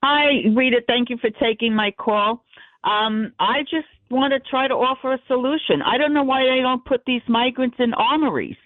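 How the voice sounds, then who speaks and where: A woman's voice: high-pitched, moderate pace, no room sound. A woman calling a radio talk show, earnestly offering a suggestion. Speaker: caller. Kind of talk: phone-in chat. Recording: tinny phone line.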